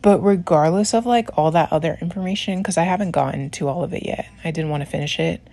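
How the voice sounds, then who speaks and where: A young woman with a low voice and lots of vocal fry talks through her nail routine. She rambles casually, drifts into side stories and keeps dropping "like" between her steps. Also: fast, mellow. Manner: rambling, lots of "like", laughs while talking. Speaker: nail tutorial creator. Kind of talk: casual chatty tutorial voice-over.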